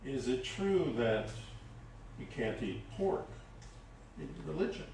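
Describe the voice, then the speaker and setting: A man's voice: mid-range voice, expressive, slow pace, creaky, a little mellow, a little hiss or hum. A man voicing a curious priest in a joke. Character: male Catholic priest on a plane, curious. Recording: very echoey hall, distant mic.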